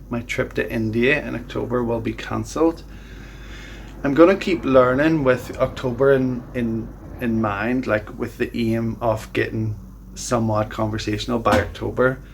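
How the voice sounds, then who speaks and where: A man talking through his computer screen in a casual how-to vlog. He rambles in a relaxed, self-deprecating way and slows down, hesitant, when he sounds out words. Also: medium pitch, vocal fry, a little hiss or hum. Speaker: language learner vlogger. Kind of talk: casual screen-share tutorial. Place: at a home computer.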